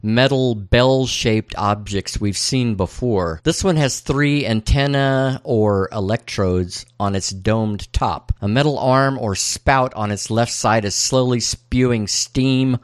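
A man's voice: medium pitch, slow, few pauses, dry recording. A man co-hosting a podcast, recapping a TV episode in casual chat and laughing now and then as he goes. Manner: plain-spoken recap, laughs while quoting lines. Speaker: podcast co-host.

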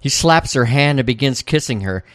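A man's voice: expressive, moderate pace, a bit bright, no echo. A man co-hosting a podcast, casually recapping scenes and reading out the characters' lines. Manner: recounts scenes, reading out quoted dialogue with raised pitch. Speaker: podcast co-host.

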